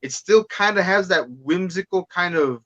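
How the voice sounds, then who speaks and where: A man's voice: high voice, lively intonation, moderate pace, fairly bright tone, no echo. A man guesting on a podcast over a call, talking about movies in a loose, rambling way. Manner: rambling, lots of "man" and restarts. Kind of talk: casual movie chat. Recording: slightly dull dry sound.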